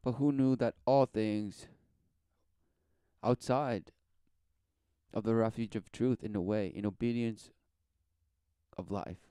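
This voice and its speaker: A man's voice: lowish voice, fairly even intonation, slow, pauses often, mellow, clean tone, no echo, clean studio sound. A man giving a rambling, sarcastic, preachy commentary as he reacts to a podcast clip. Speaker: religious commentator.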